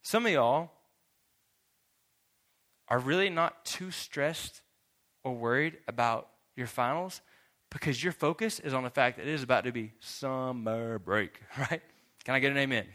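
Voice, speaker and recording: A man's voice: mid-range voice, big pitch swings, a little slow, long pauses, fairly bright tone. A young man from Texas giving a casual sermon as youth pastor, laughing often and acting out both sides of conversations in his story.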